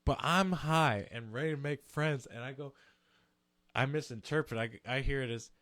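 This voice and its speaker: A young man casually telling a long story on a podcast, animated and swearing, acting out quotes in other voices. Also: mid-range voice, normal speed, no echo.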